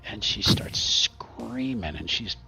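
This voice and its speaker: Low gravelly guy running a tabletop game, halting, bright edge, dull lo-fi audio. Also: lively intonation, faint music behind. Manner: halting, lots of restarts and fillers. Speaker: game master.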